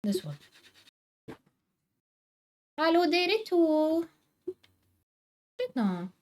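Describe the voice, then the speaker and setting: A woman's voice: very high-pitched, very animated, extremely slow, darkish tone. A woman streaming from home on a desk microphone, chatting casually with her viewers while drawing and calling out to her cats. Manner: chatty, talks to her cats and to chat, teasing indignation. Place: home, indoors.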